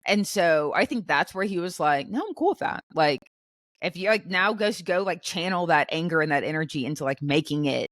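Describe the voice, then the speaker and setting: Young woman, podcast co-host, casual storytelling, lower voice, dry close sound. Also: moderate pace, no echo. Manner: animated storytelling, acts out her own outbursts in a much higher voice; many fillers and restarts. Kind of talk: casual chat.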